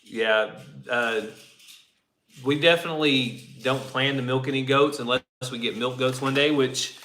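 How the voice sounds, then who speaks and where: A man's voice: medium pitch, a little slow, pushed and bright, a little hiss or hum. A man co-hosting a casual farm livestream, easygoing and greeting viewers by name. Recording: echoey room.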